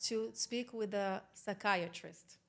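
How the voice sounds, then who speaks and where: A woman's voice: medium pitch, slow, gravelly, fairly bright tone. A woman from Israel with an Israeli accent, a podcast guest telling a story in casual conversation and acting out the dialogue, with non-native grammar.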